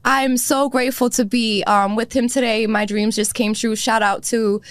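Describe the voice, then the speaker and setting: A woman's voice: fairly high pitch, steady tone, normal speed, no room sound. A woman in her thirties hosting a podcast, gushing and teary, laughing through happy tears. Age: 30s. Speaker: podcast host. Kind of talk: emotional casual chat.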